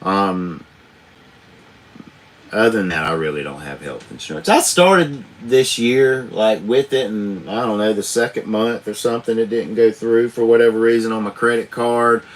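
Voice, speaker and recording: A man's voice: fairly low pitch, moderate pace. A man, a truck driver chatting casually and rambling on a live stream, swearing freely, chuckling often, recorded on a tablet camera.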